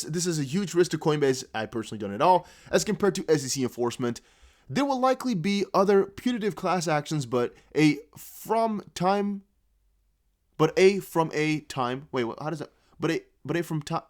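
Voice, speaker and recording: Young Dutch-native man, fairly high, lively voice; casual video host who reads aloud haltingly and rambles. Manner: rambling, halting, restarts while reading. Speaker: crypto news video host. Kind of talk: casual commentary reading posts aloud.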